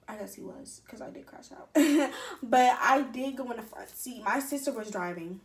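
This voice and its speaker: A young adult woman telling a personal story casually to her camera, animated, profane and candid, talking straight to her viewers. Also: sits high, moderate pace. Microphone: camera set up in front of her.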